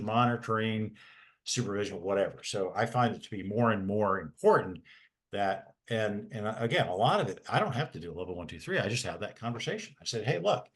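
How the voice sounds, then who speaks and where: A man, a special education advocate, talking in a folksy, rambling way with many restarts. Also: fairly low pitch. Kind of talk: casual webinar talk.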